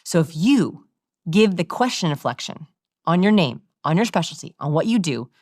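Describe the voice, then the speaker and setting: A woman with a low voice for her sex explains communication research in an interview, lively and quick to demonstrate. The recording is close and dry. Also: no room sound. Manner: animated, demonstrating vocal examples.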